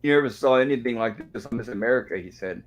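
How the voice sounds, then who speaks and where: Talking fast at a medium pitch, a man hosting an informal online show retells an old sitcom episode and reads out the characters' dialogue in a conversational, story-like way. The audio is poor.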